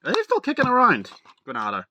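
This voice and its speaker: A young man talking casually to camera as a video reviewer, rambling and excitable, full of "like" and "literally". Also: high-pitched, fast, muffled recording, slight background noise.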